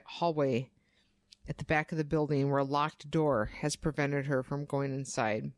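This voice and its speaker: A young woman co-hosting a podcast, telling a true crime story casually, animated and swearing, acting out quoted voices. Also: sits low, dry recording. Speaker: podcast co-host.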